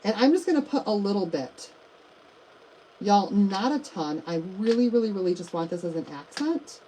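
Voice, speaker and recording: A woman's voice: mid-range voice, expressive, normal speed, mellow, slight background noise, rough recording. A middle-aged woman hosting a live craft demonstration, chatting to viewers as she works. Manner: chatty, addresses viewers as you guys and y'all. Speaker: craft livestream host.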